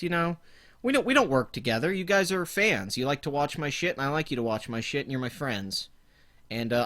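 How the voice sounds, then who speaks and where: Casual male streamer, rambling and profane, mid-pitched everyday voice. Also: fairly bright tone. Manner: profane, laid-back and rambling. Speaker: livestream host. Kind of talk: casual livestream commentary.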